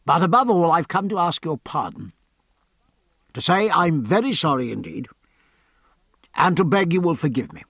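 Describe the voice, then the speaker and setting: A man's voice: on the high side, expressive, moderate pace, long pauses, a bit bright, husky, dry recording, studio quality, exaggerated voice. A man playing a middle-aged naval officer husband in an audiobook, earnest and pleading. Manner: earnest, pleading, then harsh. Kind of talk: audiobook character voice.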